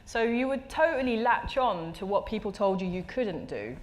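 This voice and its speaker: A woman's voice: medium pitch, lively intonation, normal speed. Reflective woman telling stories. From England. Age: 30s. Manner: reflective, repeats words as she restarts, acts out quoted voices. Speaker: artist guest. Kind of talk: conversational storytelling at a live talk. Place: stage at a live talk venue.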